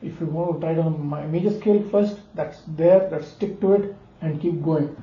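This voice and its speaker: A man's voice: on the high side, moderate pace. A man giving a casual ear-training lesson, talking between notes and humming the intervals back. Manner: talks between played notes, hums and sings intervals back. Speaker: music teacher. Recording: roomy lo-fi recording under loud guitar.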